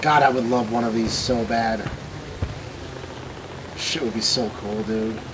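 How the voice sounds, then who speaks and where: Brief: a male streamer chatting aimlessly mid-game, mid-pitched and offhand, gunfire noise under the voice. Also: steady tone, measured pace. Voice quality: loose, rambling, swears casually. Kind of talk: casual rambling chat while gaming. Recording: noisy, with game gunfire behind.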